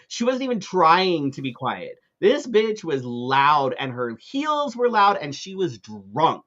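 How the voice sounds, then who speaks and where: Animated, swearing male talk-show host. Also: a little high, unhurried, few pauses, muffled recording. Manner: animated storytelling with frequent swearing and fillers. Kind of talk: casual chat, ranting anecdote.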